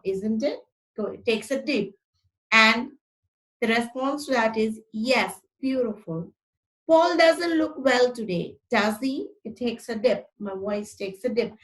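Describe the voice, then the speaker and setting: A woman's voice: fairly high pitch, low-quality recording. A woman teaching an online English grammar lesson, who explains step by step, reads example sentences aloud and corrects her own slips.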